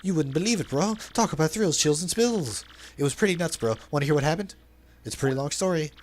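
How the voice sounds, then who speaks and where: A man's voice: on the high side, expressive, fast, slight background noise, voice pushed up, lightly acted. A man voicing a laid-back young man telling a long adventure story in casual slang for a video game dub. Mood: storytelling. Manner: casual slangy storytelling, says bro a lot.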